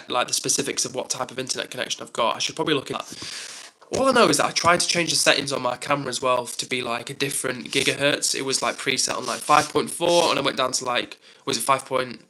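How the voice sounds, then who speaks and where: A man's voice: mid-range voice, bright, forceful tone, low-quality recording. A man from England hosting a casual live stream, rambling upbeat through viewer comments with lots of fillers.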